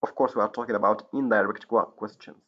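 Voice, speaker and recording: A man's voice: lowish voice, fairly even intonation, fast. Moroccan guy teaching english grammar, lots of uhs and restarts, muffled lo-fi mic. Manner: hesitant, many fillers and self-corrections. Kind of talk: recorded grammar lesson. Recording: dull lo-fi recording.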